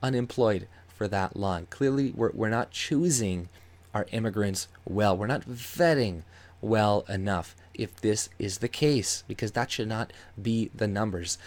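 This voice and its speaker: A man's voice: fairly low pitch, measured pace, a little mellow. Angry profane man ranting. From Canada. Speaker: YouTube commentator. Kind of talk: ranting commentary over a news article.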